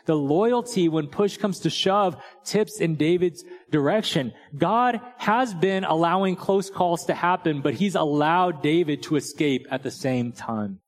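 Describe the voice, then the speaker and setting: A man's voice: fairly high pitch, a little slow, few pauses. Conversational male preacher in a reverberant hall. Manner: conversational, tells jokes and stories, many "right?" asides. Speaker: pastor. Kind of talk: sermon.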